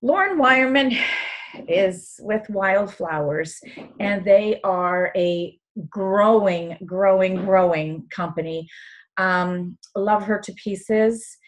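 A woman's voice: medium pitch, steady tone, slow pace. Enthusiastic, sentimental woman host. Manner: enthusiastic, gets emotional and tearful. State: choked up at times. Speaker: show host. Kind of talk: casual chat.

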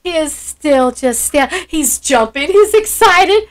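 A woman's voice: high voice, lively intonation, slow, low-quality recording. A woman hosting a gameplay video, gushing with sweet enthusiasm and gasping often. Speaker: channel host. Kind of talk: excited gameplay commentary.

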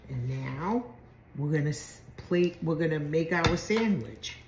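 Brief: low, unhurried woman narrating a home cooking demo, roomy kitchen with noise behind. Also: lively intonation, darkish tone. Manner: chatty, step-by-step narration. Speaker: home cook. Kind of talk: casual cooking demonstration.

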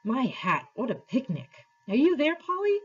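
A woman's voice: sits high, wildly swooping pitch, moderate pace, husky, lo-fi sound, voice pushed up, exaggerated voice. Woman reading as a plucky, exasperated young boy.

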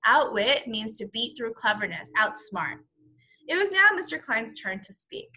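A teacher reads a storybook aloud to a young class, explaining words clearly as she goes. Her voice is bright and sits a little high. She narrates in a steady, careful way. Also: normal speed. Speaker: first grade teacher. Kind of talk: children's read-aloud.

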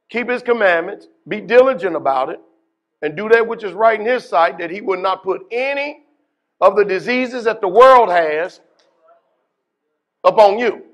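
A man preaching a sermon as pastor, putting questions to his congregation and moving between hushed asides and loud, emphatic bursts. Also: high-pitched. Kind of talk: deliverance workshop sermon.

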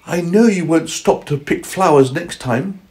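A man voicing a kindly, relieved mother in a bedtime story, speaking softly and reassuringly. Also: a little high, unhurried, pitched above the performer's own voice, close to an everyday voice. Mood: gentle.

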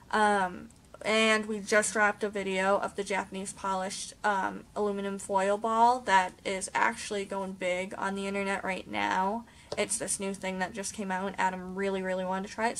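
A young woman vlogging casually to camera at home, rambling with many pauses and ums. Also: medium pitch, vocal fry, fairly bright tone. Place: home, indoors.

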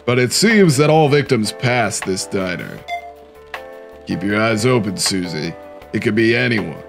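A man voicing a grave middle-aged police detective in a game, speaking low and slow with a warning tone, while faint game music plays behind. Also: expressive, creaky. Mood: ominous.

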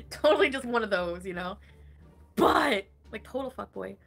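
A woman's voice: medium pitch, lively intonation, slow, creaky, a bit bright, husky, soft background music. A woman streamer in casual livestream chat, gossiping with lots of giggles, swearing and "like" fillers. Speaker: online streamer.

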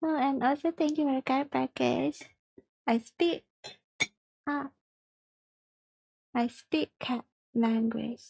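High-voiced, unhurried woman streamer. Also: steady tone, vocal fry, darkish tone, dry recording. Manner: chatty, giggly, reads viewer chat aloud. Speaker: livestreamer. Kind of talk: casual livestream chat while gaming.

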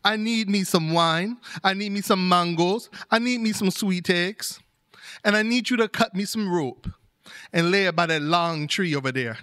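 A sly male spider trickster, put on by a man, talks in a coaxing lilt. The voice sits high and rings bright, and he plays every line like a sweet-talking schemer from a storybook. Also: moderate pace. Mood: scheming. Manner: crafty, coaxing, ends phrases with "man".

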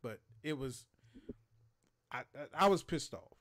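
A man's voice: medium pitch, expressive, unhurried, fairly bright tone. A man in his thirties from Maryland, hosting a show and telling stories in casual, profane chat, acting out quotes and sound effects.

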